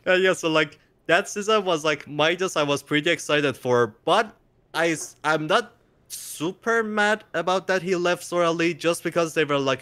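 Bright-voiced, animated young man. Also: a little high, moderate pace, clean tone. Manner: animated, jokey, playful mock voices. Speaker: interview guest, content creator. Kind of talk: excited casual chat.

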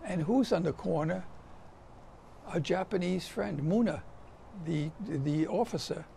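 A man's voice: high-pitched, measured pace, vocal fry, dark tone, a little hiss or hum. An older man giving a survivor testimony, recounting his memories as a vivid storyteller who acts out the voices of the people he quotes.

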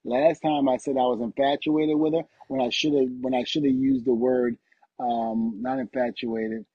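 A man's voice: medium pitch, moderate pace, breathy edge, no echo, highs cut off. A middle-aged man, a retired wrestler, chatting as a podcast guest and acting out quotes as he tells stories. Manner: animated storytelling, acts out quotes. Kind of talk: casual interview chat.

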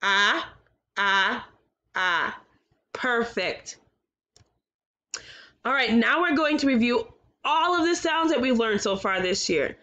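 A woman teaching a recorded kindergarten phonics lesson, sounding out letters slowly and carefully with encouraging praise. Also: a little high, expressive, fairly bright tone, muffled recording.

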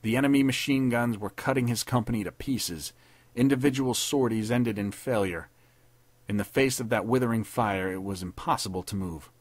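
A man narrating a pulp war story as a podcast reader, in a steady dramatic reading. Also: fairly low pitch, normal speed, no room sound.

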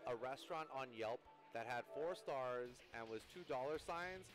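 A man's voice: mid-range voice, lively intonation, normal speed. A man on a fighting game stream who is visiting the city, chatting casually and playfully asking his co-host about it. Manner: curious, playful, repeats words back. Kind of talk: casual stream commentary chat. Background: background music.

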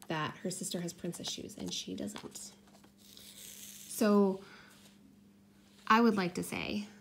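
A woman's voice: mid-range voice, a little hiss or hum. A woman in her thirties casually telling a personal story while crafting, chatty, with restarts and acted-out quotes. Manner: chatty, many restarts and fillers, acts out her own quoted words. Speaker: craft vlogger and mother.

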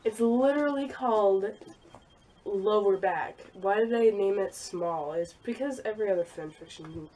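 A woman's voice: mid-range voice, moderate pace, warm tone. Young woman rambling on camera, self-deprecating, giggly, medium voice. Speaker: YouTuber. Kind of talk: casual vlog commentary.

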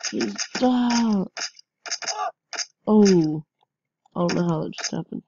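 Excitable woman in lo-fi game commentary. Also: mid-range voice, takes it slowly, vocal fry, noisy background. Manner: excitable, yelps and laughs at the game. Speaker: gameplay commentator.

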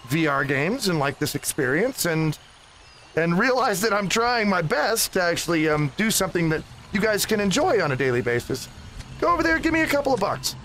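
Animated high-voiced man gaming. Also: slight background noise. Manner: animated, profane, talks to game characters. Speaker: gaming host. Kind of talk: VR game let's play commentary. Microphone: VR headset.

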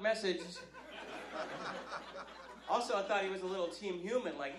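A man's voice: high voice, normal speed, long pauses, background noise. A man from Northern California doing a rambling, self-deprecating stand-up set on a comedy club stage. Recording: live club recording, roomy with crowd.

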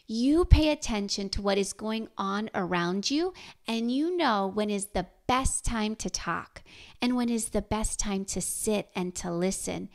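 A middle-aged woman hosting a parenting podcast, speaking in a gentle, encouraging manner. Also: a little high. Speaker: podcast host. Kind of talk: scripted podcast talk to mothers.

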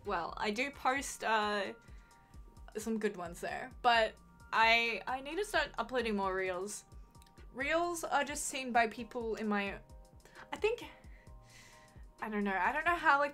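A woman's voice: on the high side, expressive, unhurried, pauses often, a bit bright, faint music behind. A young woman with a mild Australian accent, chatting casually on a live stream, swearing freely and reading chat aloud.

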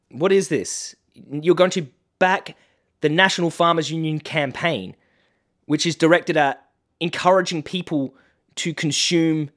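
A man reacting to political clips with sarcastic, mocking and indignant commentary. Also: fairly high pitch. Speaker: activist commentator.

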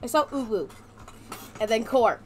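A woman's voice: on the high side, animated, unhurried, a little mellow, a little hiss or hum. A woman hosting a let's play, chatting casually and cracking playful jokes as she plays. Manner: playful, joking banter. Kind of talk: casual gaming commentary.

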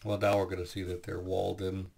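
A man giving a Bible teaching, explaining scripture in a measured way with frequent pauses and fillers. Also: deep voice, monotone, gravelly, darkish tone.

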